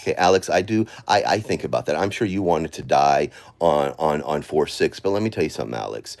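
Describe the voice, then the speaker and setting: A man's voice: very deep voice, expressive, fairly quick, vocal fry, hardly any pauses, a little mellow. A man livestreaming an emotional apology from his phone at home, frustrated and swearing, muttering to himself.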